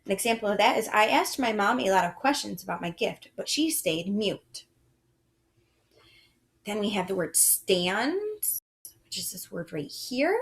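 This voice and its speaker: Woman teacher for young kids, measured pace, warm praise, animated melody. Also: mid-range voice. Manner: slow, sing-song and encouraging, with frequent praise. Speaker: first grade teacher. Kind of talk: reading lesson for young children.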